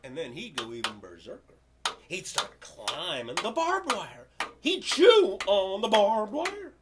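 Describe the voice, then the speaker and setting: A man from the United States performing a spoken-word story poem, loud and expressive in his telling. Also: fairly high pitch. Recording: loud background noise.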